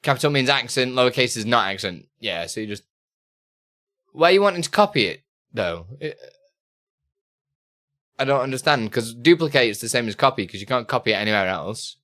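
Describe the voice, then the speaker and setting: A man hosting a casual live stream, talking loosely and laughing between chat questions. His voice is bright and forward. His pitch swings widely as he talks. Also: lively intonation, fairly quick, pauses often. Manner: chatty and loose, reads chat aloud, laughs often.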